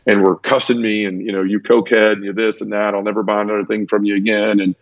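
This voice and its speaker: A man's voice: lowish voice, level tone, fast, dry recording, lo-fi sound. A man earnestly telling his personal conversion story in a conversational interview, tumbling through it with restarts. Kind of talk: conversational testimony.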